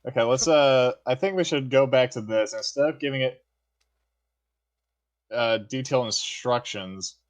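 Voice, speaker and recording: A man hosting a casual gaming chat, halting with fillers and laughing often. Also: mid-range voice, dull audio. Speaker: gaming channel host.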